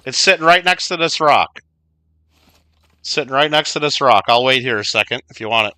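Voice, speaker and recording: A man's voice: mid-range voice, normal speed, bright, forceful tone, no room sound. A man from Illinois chatting casually while streaming a video game, playfully scolding his teammates. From Illinois, USA. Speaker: livestreamer. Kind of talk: casual gameplay chat.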